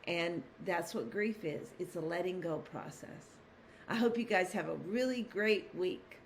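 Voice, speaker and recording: A middle-aged woman hosting a casual devotional talk, earnest and reflective, rambling a little and laughing softly as she encourages her listeners. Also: fairly low pitch, measured pace, slight background noise. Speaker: host.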